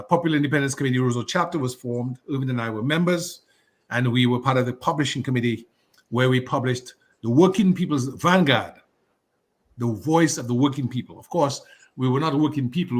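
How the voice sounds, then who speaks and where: A man, a guest on a radio talk show who reminisces in a scholarly, digressive and measured way. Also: medium pitch. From Dominica. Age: 60s.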